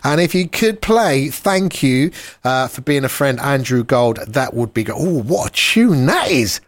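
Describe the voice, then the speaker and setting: A man's voice: mid-range voice, big pitch swings, unhurried, dry recording. A man hosting a radio show, chatting casually and reading out listener messages in an upbeat way. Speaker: radio host. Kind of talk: casual radio shout-outs. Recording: music playing underneath.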